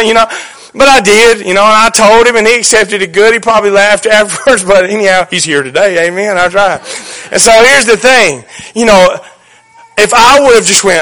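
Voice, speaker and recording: A man's voice: high-pitched, moderate pace, bright, forceful tone. A man preaching a sermon as pastor, folksy and joking, with strong emphasis.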